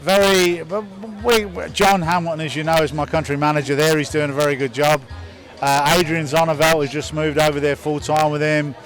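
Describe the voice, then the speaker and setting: A man's voice: on the high side, fairly even intonation, brisk, faint music behind. A man talking casually about his business in an interview, telling anecdotes. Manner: chatty, anecdotal. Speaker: business owner interviewed at an event.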